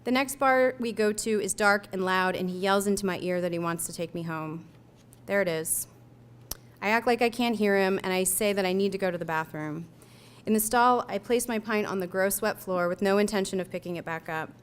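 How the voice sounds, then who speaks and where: A young woman reading her own personal essay aloud, telling it in a measured, reflective way. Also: mid-range voice, smooth. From United States.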